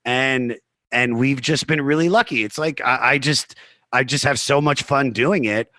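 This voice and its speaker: Bright-voiced comedian telling stories. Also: male voice, mid-range voice, no echo. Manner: animated, fast anecdotes full of "like" and "you know"; acts out other people's remarks in his retelling. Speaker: comedian guest on a podcast. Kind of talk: casual storytelling in conversation.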